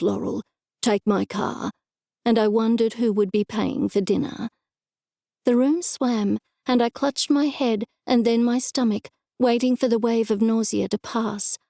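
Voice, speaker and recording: A woman narrating a first-person cozy mystery audiobook in a measured storytelling way, recorded on a close studio mic. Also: on the high side, creaky, warm tone, no echo.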